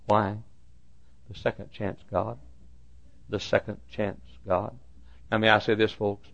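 A man preaching a sermon, repeating phrases for emphasis and swinging from loud outbursts to hushed lines. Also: on the low side, level tone, a little slow, creaky. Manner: swings between loud shouted lines and hushed quiet ones; repeats phrases for emphasis, acts out quoted dialogue. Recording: dull lo-fi recording.

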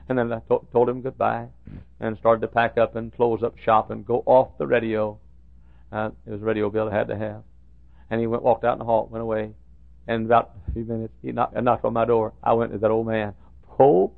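Gravelly older preacher man, lo-fi. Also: medium pitch, no echo. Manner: folksy, swings from loud preaching to hushed asides. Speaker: pastor. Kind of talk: sermon with storytelling. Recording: tinny phone-like sound.

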